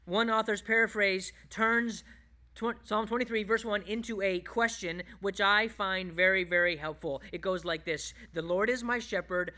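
Bright, high-pitched man preaching a sermon. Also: moderate pace. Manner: swings between loud emphatic bursts and hushed, low reflective passages. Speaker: pastor.

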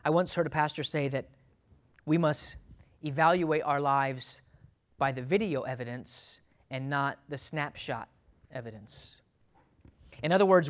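A male pastor preaching a sermon to his church, swinging from loud urgent pleading to quiet, low, earnest asides.

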